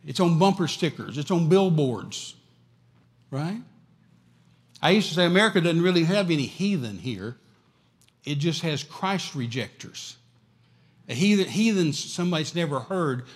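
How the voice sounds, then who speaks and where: A man preaching a sermon, emphatic and repetitive, swinging between loud and quiet. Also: fairly high pitch, husky, in a large hall.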